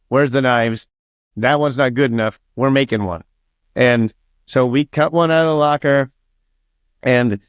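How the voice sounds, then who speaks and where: A man in an interview tells his stories loosely, cursing freely and slipping into the voices of people he quotes. His voice sits at a middle pitch. The sound is close and dry, with no room echo. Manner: swears freely and acts out quoted dialogue. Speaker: interviewed author. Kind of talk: casual storytelling interview.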